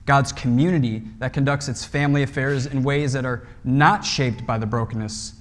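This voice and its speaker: A man's voice: medium pitch, fairly even intonation, normal speed. A man preaching a sermon in a conversational way, often checking in with "right?" and restarting phrases as he explains a passage. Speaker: pastor.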